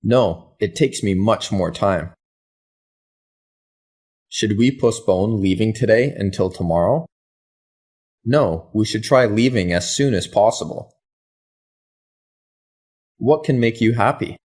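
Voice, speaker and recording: This is an English lesson reader: a male voice, husky and low, delivering slow, careful scripted drills. He voices each question and its answer evenly, meant for language learners.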